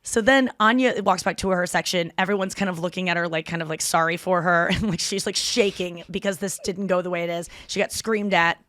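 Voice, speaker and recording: A woman hosting a podcast, telling stories in casual chat with quick asides and self-corrections. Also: lowish voice, fairly bright tone, dry recording, studio quality. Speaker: podcast host.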